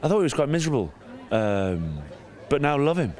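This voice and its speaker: A middle-aged English man, a former rugby player, chatting in an outdoor interview, self-mocking and growing animated. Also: medium pitch, a little fast, a faint crowd. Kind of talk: casual interview chat. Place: outdoors at a sports venue.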